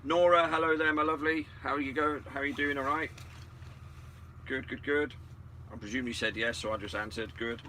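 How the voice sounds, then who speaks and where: A man's voice: mid-range voice, fairly even intonation, fairly quick, bright, forceful tone, a little hiss or hum. A man hosting a casual chat, greeting viewers one by one with sarcastic banter. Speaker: channel host.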